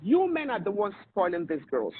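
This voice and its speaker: A woman's voice: medium pitch, huge pitch swings, brisk, over a noisy crowd. A woman in a casual discussion, talking emphatically and repeating her points like a lecture. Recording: phone-like call audio.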